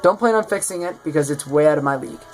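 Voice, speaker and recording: A man with a slightly high voice talks quickly over faint music, casually showing off a game mod he made during a showcase. He rambles in an offhand way and keeps correcting himself.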